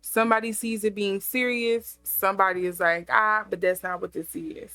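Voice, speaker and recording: A woman's voice: mid-range voice, fairly even intonation, normal speed, fairly bright tone, smooth, no echo, faint music behind. Musing woman reading tarot cards. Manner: musing, thinking aloud with many fillers. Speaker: tarot reader. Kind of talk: casual intuitive tarot reading.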